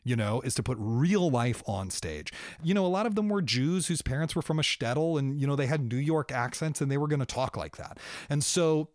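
A man talking enthusiastically about acting history as a guest, with quick restarts and brief mimicked voices. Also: medium pitch, lively intonation, no echo, clean studio sound. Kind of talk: animated conversational explanation.

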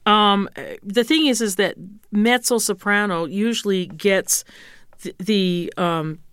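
A woman's voice: mid-range voice, slow, a bit bright, clean tone, dry recording, studio quality. A woman opera singer as an interview guest, frank and teasing as she coaches pronunciation. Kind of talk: casual interview.

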